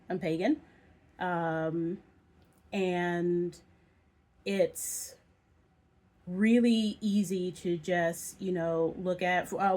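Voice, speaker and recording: A young woman with a slightly low voice talks casually to her viewers. She thinks aloud, rambling with plenty of ums and self-corrections as she works through her points. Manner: thoughtful, rambling with many ums and restarts. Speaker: video essayist. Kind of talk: casual monologue to camera.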